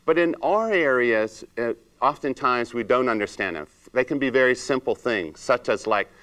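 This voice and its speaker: A man's voice: mid-range voice, normal speed. A man leading a salon industry training seminar, acting out client chats and asking the room rhetorical questions. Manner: animated, acts out client chats in raised voice.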